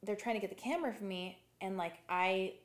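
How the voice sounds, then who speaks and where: A woman's voice: medium pitch, brisk. Chatty woman with a lisp, roomy sound. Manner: chatty, many fillers like "like". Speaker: guest. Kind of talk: casual interview storytelling.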